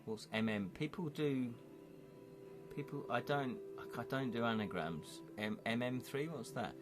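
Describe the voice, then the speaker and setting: A man's voice: medium pitch, unhurried, music in the background. A man hosting a live-streamed interactive gamebook, chatty and rambling as he reads chat comments aloud and asks viewers to vote.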